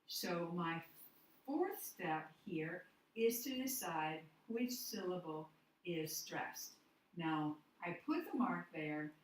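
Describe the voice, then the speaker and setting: A woman teaching a phonics lesson, walking through each step slowly and patiently. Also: fairly low pitch, echoey room, slight background noise, rough recording. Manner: slow, patient, step-by-step explaining.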